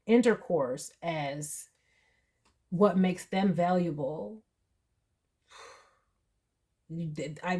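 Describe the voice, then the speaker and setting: Low-voiced woman giving a chatty tarot reading. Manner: emotional, earnest, chatty with laughs and asides. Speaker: tarot reader. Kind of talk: casual tarot reading monologue.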